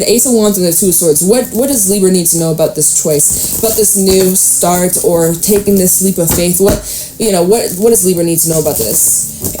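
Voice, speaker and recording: A woman giving a casual tarot reading, chatty and blunt, with a playful and sometimes profane way of talking. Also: lowish voice. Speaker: tarot reader.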